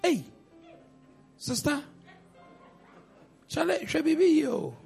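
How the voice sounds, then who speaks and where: High gravelly preacher man. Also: very animated, slow, faint music behind. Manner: preaching with rhetorical questions and sudden loud outbursts. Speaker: pastor. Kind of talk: sermon.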